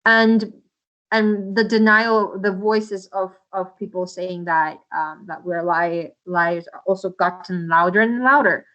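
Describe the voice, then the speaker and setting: A woman's voice: mid-range voice, measured pace, fairly bright tone. Impassioned woman guest, muffled audio. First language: Uyghur. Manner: impassioned, with many restarts and fillers. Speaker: interview guest. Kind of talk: earnest interview answers.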